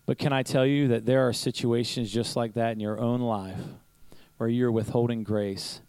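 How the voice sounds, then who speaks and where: A man's voice: mid-range voice, fairly even intonation, moderate pace, a little mellow, clear, resonant tone, dry recording, rough recording. Man preaching a casual sermon, dry sound. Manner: storytelling with rhetorical questions and chuckles. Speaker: pastor. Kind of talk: conversational sermon. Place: church service.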